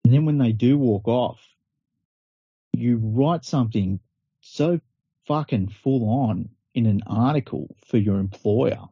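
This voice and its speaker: Incredulous, sweary podcast host. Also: male voice, medium pitch, unhurried, creaky, dark tone, slightly rough, dry recording. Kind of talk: casual podcast chat. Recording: dry, dull lo-fi podcast audio.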